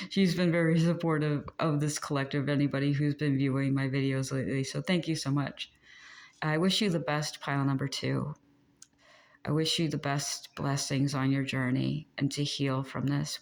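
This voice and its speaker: A woman giving a casual tarot reading, chatty and gentle, often breaking into giggles. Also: low voice, gravelly. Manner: gentle and encouraging. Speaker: tarot reader.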